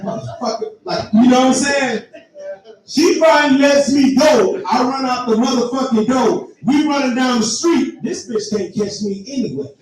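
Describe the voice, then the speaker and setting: A man's voice: very high voice, normal speed. A man telling a profane story in a stand-up comedy set, talking straight to the crowd. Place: live comedy venue. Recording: echoey room, heard from far off.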